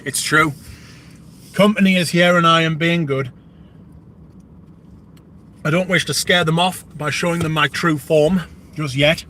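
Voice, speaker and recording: A man's voice: a little high, steady tone, a little slow, pauses often, sharp tone, slight background noise. A British man hosting a livestream, chatting casually and rambling with plenty of swearing. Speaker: livestream host. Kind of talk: casual live chat.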